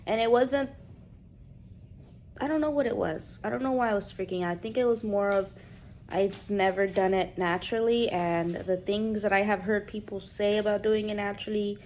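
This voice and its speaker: A woman's voice: mid-range voice, moderate pace, a little hiss or hum. A young woman vlogging at home, telling a personal story in casual chat and acting out what others said. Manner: animated, quotes others in playful voices.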